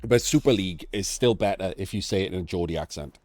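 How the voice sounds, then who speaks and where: A man's voice: low voice, quick pace, a little mellow. A middle-aged man in a chatty, rambling game-analysis commentary who often breaks off and restarts his sentences. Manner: rambling, chatty, self-interrupting.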